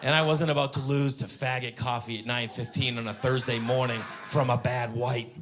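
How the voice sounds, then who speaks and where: A man doing a stand-up comedy set, telling a story in a dry, deadpan way that breaks into sudden shouting. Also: medium pitch, moderate pace, music in the background. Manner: deadpan, then shouting bursts. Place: comedy stage.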